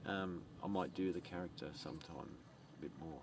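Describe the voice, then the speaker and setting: Deep, slow-talking man with a gravelly voice, rambling to camera outdoors, heard from a distance with faint ambient noise. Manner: meandering, repeats words, swears, chuckles often. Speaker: vlogger.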